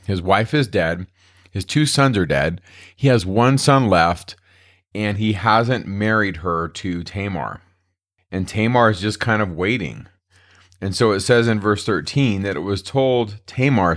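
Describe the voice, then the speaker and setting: A man's voice: on the low side, fairly bright tone. A man giving a casual Bible study lecture, retelling the scripture in plain, conversational modern words. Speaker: Bible teacher.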